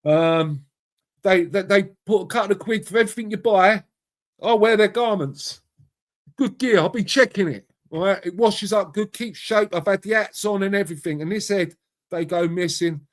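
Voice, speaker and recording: A man's voice: high-pitched, moderate pace. A middle-aged English man hosting a casual live chat, blunt and matey, swearing freely and calling viewers mate and bruv. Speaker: live stream host.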